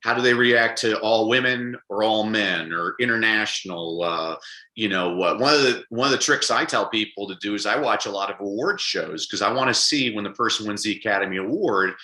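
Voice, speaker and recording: Bright, animated male storyteller. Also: lowish voice, fairly quick, reverberant, low-quality recording. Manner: animated storyteller who acts out quotes. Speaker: guest, public speaker and coach. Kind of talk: conversational interview.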